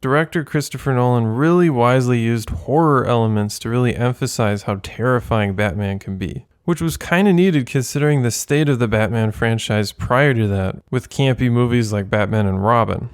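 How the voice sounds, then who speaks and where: A man's voice: mid-range voice, normal speed, few pauses, smooth, no echo, studio quality. A young man reading a scripted film review with enthusiasm and light jokes. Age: young adult. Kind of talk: scripted movie review narration.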